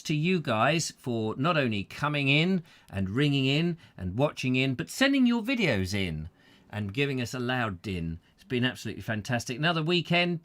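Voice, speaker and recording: A man's voice: mid-range voice, a bit bright. A man hosting a comic live-streamed chat show, jokey and rambling as he thanks his viewers. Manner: jokey, rambling, theatrical sign-off. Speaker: comedy chat show host.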